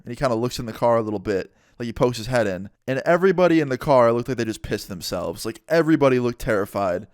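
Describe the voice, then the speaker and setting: A man's voice: mid-range voice, lively intonation, fast, hardly any pauses, darkish tone, no echo, studio quality. Laid-back young man telling a story. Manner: laid-back, slangy, swearing. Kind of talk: casual storytime.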